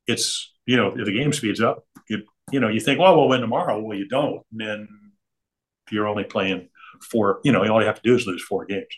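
A man's voice: on the low side, steady tone, moderate pace, fairly bright tone. An older man, a guest on an interview, telling chatty, digressive stories and chuckling between them. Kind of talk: rambling anecdotal storytelling.

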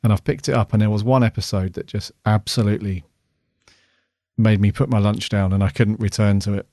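A man's voice: lowish voice, fairly even intonation, brisk, warm tone, dry recording. Guy cohosting a podcast, chatty, lots of ums, dead dry sound. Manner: chatty, upbeat, hesitant with ums. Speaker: podcast co-host. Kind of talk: casual chat.

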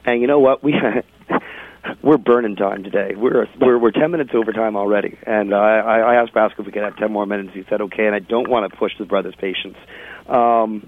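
A man's voice: on the low side, moderate pace. Chatty male radio host on a tinny line. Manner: chatty, laughing, self-interrupting. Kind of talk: casual radio chat, storytelling. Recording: tinny phone-like radio audio.

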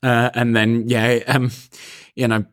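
Casting: wry male podcast co-host, mid-pitched, hesitant. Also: little pitch movement, takes it slowly, a bit bright. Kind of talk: casual chat.

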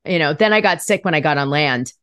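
A woman's voice: deep voice, expressive, fast talker, fairly bright tone, no echo, studio quality. Chatty woman podcast host. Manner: chatty, laughs often. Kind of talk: casual podcast chat.

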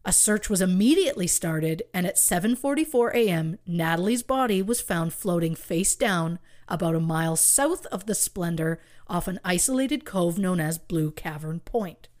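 A woman's voice: fairly low pitch, a little mellow. Woman narrating a true crime podcast. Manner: storytelling with rhetorical questions and wry asides. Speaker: podcast co-host.

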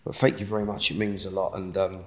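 A man speaking as a podcast guest, earnest and forceful as he talks about helping others. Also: deep voice, level tone, fast. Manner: earnest, forceful motivational talk. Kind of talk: casual interview chat. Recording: roomy echo.

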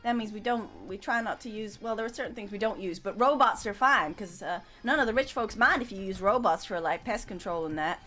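A woman's voice: medium pitch, a little fast, hardly any pauses, a bit bright. A woman playing a tabletop role-play game, chatty and friendly in character. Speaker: player.

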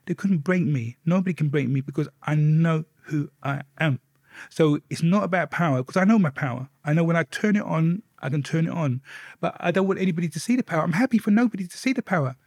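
A middle-aged man, a softly spoken interview guest telling his life story and swearing freely. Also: fairly high pitch, no room sound, studio quality.

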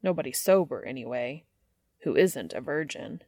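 A woman doing a deadpan weary hunter man. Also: extremely low pitch, moderate pace, dry recording, clean studio sound, voice pushed down, exaggerated voice. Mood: exasperated. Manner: deadpan, exasperated.

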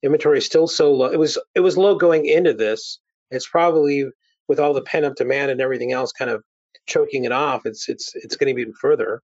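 A man's voice: medium pitch, quick pace, darkish tone, dull audio. A man co-hosting a casual panel chat, talking loosely with many fillers and restarts.

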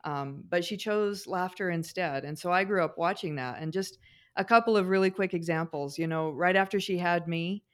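A middle-aged woman with a somewhat low voice co-hosts a casual podcast. She tells family stories at length, with plenty of fillers and restarts along the way. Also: moderate pace. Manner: warm storyteller, frequent fillers and restarts. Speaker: podcast co-host.

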